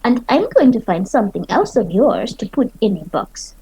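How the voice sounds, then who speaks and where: A woman's voice: fairly high pitch, very animated, normal speed, dark tone, slightly rough, poor audio. A woman playing a tabletop game, speaking in character in a playful, mocking way. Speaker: player.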